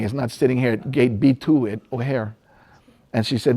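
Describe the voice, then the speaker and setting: A man from Hawaii telling a personal story in a relaxed, conversational way, pausing often and chuckling now and then. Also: mid-range voice, gravelly.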